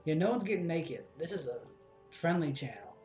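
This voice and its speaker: A man's voice: a little high, very animated, normal speed, a little mellow, soft background music. A man hosting a let's play, making joking asides while reading the game. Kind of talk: casual game commentary. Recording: echoey room.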